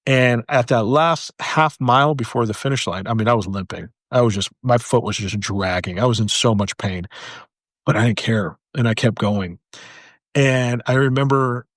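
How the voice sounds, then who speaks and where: A man's voice: mid-range voice, no room sound. Earnest man telling his story, dry sound. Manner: earnest, halting, repeats phrases for emphasis. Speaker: military veteran sharing his story. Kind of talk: personal storytelling.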